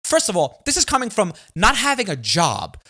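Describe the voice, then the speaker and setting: Animated man telling stories. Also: sits high, normal speed. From New York area. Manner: animated storytelling, acts out family members. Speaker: comedian and podcast host. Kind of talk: casual chat.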